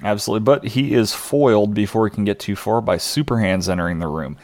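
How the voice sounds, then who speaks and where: A man with a low voice co-hosts a podcast and walks through a TV episode at an easy pace. He hesitates and fills his gaps with "uh" and "you know", recorded close and dry. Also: fast talker, darkish tone, no room sound. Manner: laid-back, hesitant with fillers. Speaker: podcast co-host. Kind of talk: casual chat recapping a TV episode.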